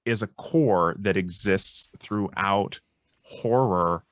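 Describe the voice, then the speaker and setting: A man's voice: low-pitched, slow pace, dry recording, studio quality. A man co-hosting a casual panel discussion, thinking aloud in long sentences with frequent restarts. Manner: thoughtful, restarts often, lectures on history. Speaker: psychologist co-host.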